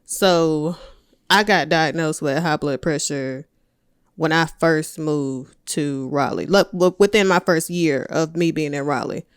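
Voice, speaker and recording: Smooth-voiced, frank woman guest. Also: low voice, measured pace, dry recording, clean studio sound. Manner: frank, plain-spoken, self-mocking. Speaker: podcast guest. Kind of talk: casual chat.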